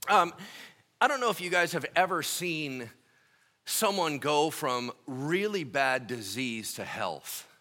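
A man preaching a sermon in a relaxed, conversational way, reading scripture and retelling stories with lively asides. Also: a little high, takes it slowly. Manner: conversational and animated, acting out scenes. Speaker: pastor.

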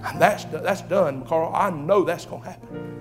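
A high-voiced man preaches with urgent passion, hammering phrases over and over. He climbs to shouts and drops to near-whispers, with soft music faintly underneath. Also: moderate pace. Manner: impassioned, repetitive, swings from shouting to hushed. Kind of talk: fiery sermon.

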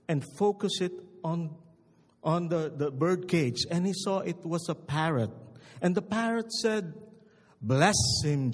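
A male pastor preaching a sermon, telling stories slowly and with emphasis before he leads a prayer. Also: high voice, big-room sound. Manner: slow, emphatic storytelling.

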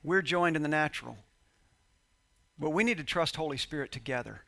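Guy preaching in church, bright voice, kinda high, telling a story and quoting people, jokes around. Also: fairly quick, creaky. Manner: conversational preacher, quoting dialogue, laughing with congregation. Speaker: pastor. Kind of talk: sermon storytelling.

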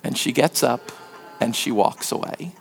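A man preaching a sermon as pastor, telling stories and acting out quotes, sometimes dropping to a hushed near-whisper for emphasis. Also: unhurried, vocal fry. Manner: storytelling, acts out quotes with sudden pitch jumps.

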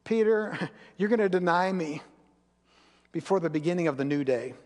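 A man voicing Jesus as a calm teacher giving a warning, gentle and knowing. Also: sits high, moderate pace. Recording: long reverb of a large hall.

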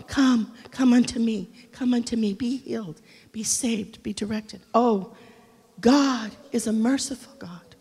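A middle-aged woman pastor preaching a humorous, animated sermon, acting out quotes and swinging between loud and quiet. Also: a little high, slightly rough. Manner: animated, humorous, acts out quotes with big shifts in loudness. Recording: long reverb of a large hall.

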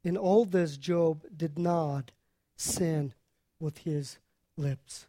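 A preacher teaching on a scripture passage in an earnest, unhurried way, pausing often to explain. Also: mid-range voice, mellow, dry recording, clean studio sound.

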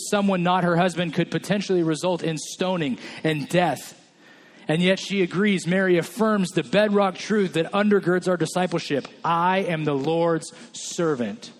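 A man's voice: sits high, fairly even intonation, normal speed. A male pastor from California preaching a sermon, telling a personal story with quoted dialogue.

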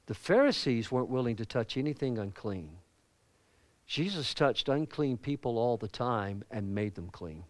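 A pastor with a Southern US accent preaching a sermon in a conversational way, with asides and questions to the congregation. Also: male voice, mid-range voice, no room sound. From American South.

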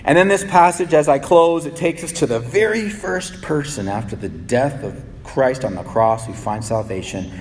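A man preaching a sermon as pastor, his delivery swinging between soft, low pleading and raised, urgent peaks. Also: expressive, moderate pace, hardly any pauses, slight background noise. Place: church sanctuary. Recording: long reverb of a large hall.

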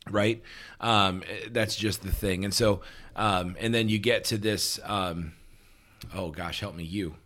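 A man co-hosting a relaxed talk show, explaining points patiently and checking in with "right?" between them. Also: deep voice, slow pace. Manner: relaxed, with frequent "um" and restarts, laughs easily. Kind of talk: casual teaching conversation.

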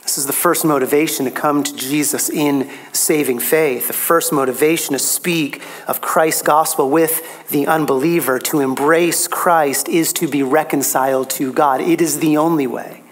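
A man preaching a sermon, emphatic, his pitch rising on key phrases. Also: fairly even intonation, normal speed, hardly any pauses.

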